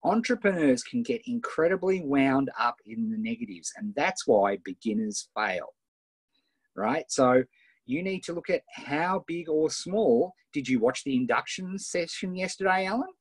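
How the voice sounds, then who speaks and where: A middle-aged Australian man leads a live coaching webinar, reading out his students' wins with energetic encouragement and frequent tag questions. His voice is a touch husky. The sound is dry and close, captured on a tablet's built-in mic. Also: mid-range voice, measured pace, dry recording. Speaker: online business coach. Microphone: iPad Pro built-in mic.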